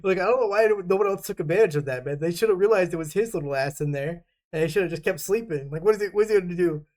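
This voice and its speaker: A man's voice: sits high, fast, a little mellow. A young man casually telling stories from basic training, rambling and swearing a lot, laughing often as he goes. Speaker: vlogger. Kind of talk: casual storytelling.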